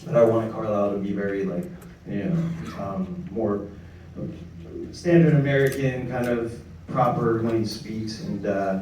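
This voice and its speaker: A man's voice: medium pitch, darkish tone. A man from New York, on stage at a fan convention, tells long, rambling stories about his craft with a chuckle and a self-deprecating streak. He is heard from some distance off the mic, and his voice rings through a big, echoing hall over a faint hiss. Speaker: actor on a fan convention panel. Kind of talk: anecdotal panel storytelling. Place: large convention panel hall. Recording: echoey hall from far off.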